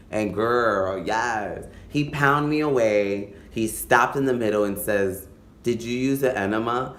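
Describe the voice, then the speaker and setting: A campy, animated man telling stories to camera in a casual vlog. His voice sits a bit low, slipping into Spanish phrases and playful high voices now and then. The room is echoey. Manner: switches between English and Spanish phrases. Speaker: vlogger.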